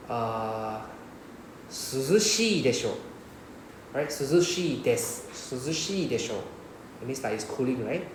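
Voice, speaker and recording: A man's voice: medium pitch, reverberant, slight background noise, rough recording. A man with a Singaporean English accent teaching a Japanese class, often checking with "right?". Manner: repeats "right?" to check understanding. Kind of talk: classroom lesson explanation.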